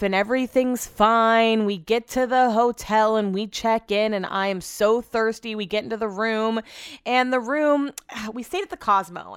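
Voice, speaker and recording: A woman's voice: a little high, fairly bright tone, clear, resonant tone, no room sound, studio quality. A woman vlogger telling a casual, rambling story at her computer, with side remarks and self-corrections.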